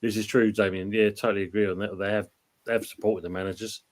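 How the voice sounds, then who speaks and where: A man hosts a casual live show, his low voice easygoing as he reads out viewers' comments. He talks in a relaxed, matter-of-fact way. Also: fast talker. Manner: relaxed, chuckling, reads chat comments aloud. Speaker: show host reading live chat. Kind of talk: casual livestream chat.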